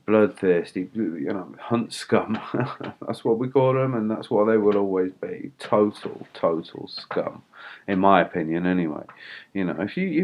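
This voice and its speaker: A man vlogging in a rambling, indignant way, swearing and laughing wryly between fillers. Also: low voice. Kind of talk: casual ranting monologue.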